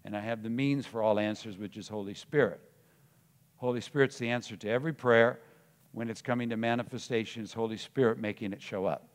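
A man preaching a sermon, moving from soft musing to loud emphatic declarations, often repeating words as he searches for the next phrase. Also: fairly low pitch, steady tone, a little fast. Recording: long hall reverb.

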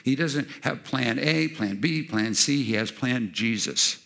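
A man preaching a sermon, animated and acting out the voices he quotes. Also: mid-range voice, a little slow, vocal fry.

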